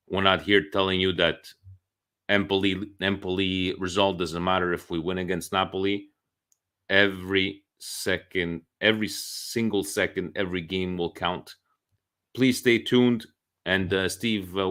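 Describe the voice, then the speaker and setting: A man hosts a football podcast in relaxed, rambling chat. His voice is very low in pitch and has a bright, forceful edge. He talks easily with plenty of filler words. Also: smooth. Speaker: podcast host.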